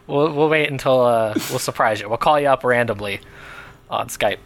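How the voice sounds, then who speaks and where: Male podcast co-host, casual, joking, restarts a lot, mid-pitched voice. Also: moderate pace, fairly bright tone. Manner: loose, joking, trailing restarts.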